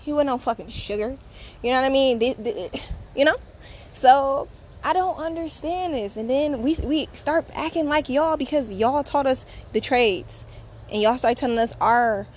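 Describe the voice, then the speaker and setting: Woman host, fiery casual monologue, slightly high voice. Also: a little hiss or hum. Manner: blunt, profane, emphatic, laughs often. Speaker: podcast host.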